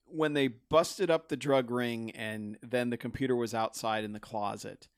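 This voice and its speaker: A man co-hosting a podcast, recapping a movie in casual chat, animated and full of stammered restarts. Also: medium pitch, normal speed, no echo, clean studio sound. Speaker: podcast co-host.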